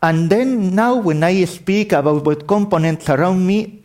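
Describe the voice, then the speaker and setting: A man's voice: high voice, unhurried, a little mellow. Spanish-accented man giving a tech talk. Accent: Spanish, with French influence. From Spain. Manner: apologetic, self-correcting, explanatory. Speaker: conference speaker. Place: conference hall.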